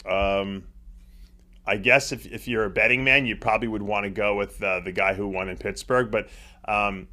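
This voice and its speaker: A man's voice: lowish voice, fairly even intonation, moderate pace, sharp tone. A man talks through listener questions in a loose, rambling way. He is full of "you know" and "uh" and often restarts his sentences. He sounds like a host speaking off the cuff in a studio. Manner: rambling, frequent fillers and restarts. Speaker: show host answering viewer questions. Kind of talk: casual live Q&A talk.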